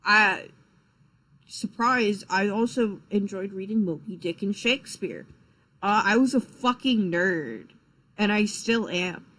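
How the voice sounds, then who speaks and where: A man's voice: high-pitched, expressive, slow, sharp tone, rough recording. A young man chatting casually on a live stream, rambling and swearing, with lots of fillers and restarts, sounding tired. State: tired, yawning.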